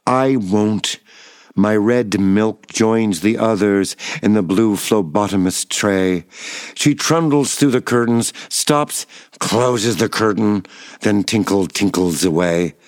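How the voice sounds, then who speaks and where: Low, dry-voiced man reading a memoir. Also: clean tone, dry recording. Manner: measured, wry and reflective. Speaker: narrator of a personal memoir. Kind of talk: literary first-person reading.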